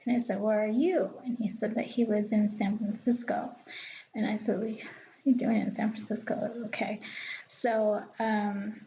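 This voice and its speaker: Confiding woman with gravelly fry. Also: mid-range voice, level tone, normal speed, warm tone, a little hiss or hum, low-quality recording. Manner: rambling, confiding, drops to a whisper at times. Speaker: vlogger. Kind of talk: casual storytelling.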